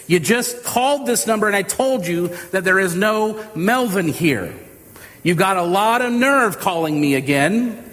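A man's voice: high-pitched, expressive, unhurried, fairly bright tone, voice pushed up. A man preaching voices an irritated grown man who scolds a caller for dialing a wrong number. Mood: angry. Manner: gruff, scolding. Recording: reverberant hall with faint ambience.

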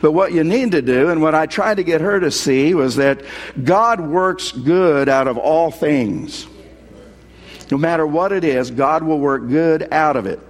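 Male pastor, earnest storytelling sermon, voice slightly high, echoing church hall. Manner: earnest storytelling preacher, quoting scripture. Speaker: pastor and hospital chaplain.

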